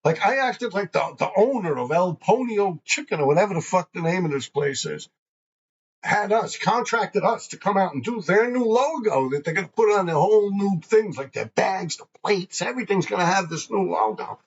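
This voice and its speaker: On dull-sounding audio, a husky, high-voiced man with lively intonation hosts a graffiti show at a moderate pace. He casually spins rambling, profane stories and laughs a lot along the way.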